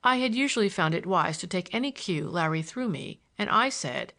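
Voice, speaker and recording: A woman narrating an audiobook in an expressive reading voice. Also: on the low side, moderate pace, hardly any pauses. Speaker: audiobook reader. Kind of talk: storybook narration.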